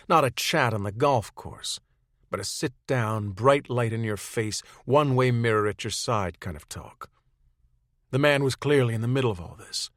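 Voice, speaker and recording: A male narrator reads a third-person audiobook chapter, steady and matter-of-fact. His pitch is ordinary for a man. The recording is dry and close, with no room sound. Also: dry recording.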